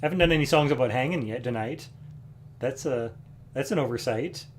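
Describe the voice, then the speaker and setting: A man hosting a music livestream from home, chatting casually between songs in a relaxed, rambling way with frequent chuckles. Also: mid-range voice, fairly quick, a little hiss or hum. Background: acoustic guitar.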